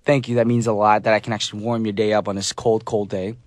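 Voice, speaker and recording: A man's voice: fairly low pitch, flat delivery, fast talker, dry recording. A man hosting a radio show, chatting casually and upbeat while reading listener messages. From United States. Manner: chatty, upbeat, laughs easily. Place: radio studio. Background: soft background music.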